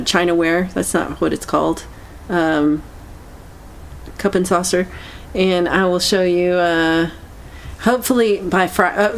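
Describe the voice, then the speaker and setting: A woman hosting a casual livestream chat, meandering and halting as she reacts to viewer comments. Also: on the low side, gravelly, slight background noise. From United States. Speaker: livestream host.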